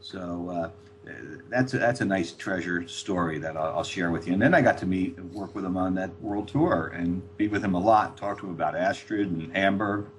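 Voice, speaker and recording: An older man with a fairly low voice tells anecdotes with energy, slipping into the voices of the people he quotes. A faint hum sits under the recording. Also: moderate pace. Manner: animated anecdote teller, acting out quoted voices. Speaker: author guest. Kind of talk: storytelling anecdotes.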